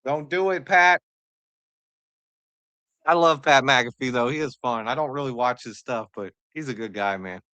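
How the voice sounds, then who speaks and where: A woman hosting a live draft reaction stream, excitable and joking, answering chat as she goes. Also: very deep voice, moderate pace, pauses often, no room sound, lo-fi sound.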